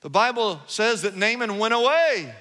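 A man preaching a sermon as pastor, animated, retelling Bible stories with repeated phrases. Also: high-pitched, normal speed. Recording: long echo of a large hall.

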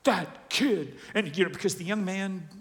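A man preaching a sermon to a congregation, animated, asking questions and acting out voices. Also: sits high, normal speed. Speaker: pastor. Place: large church hall with congregation. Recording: long hall reverb.

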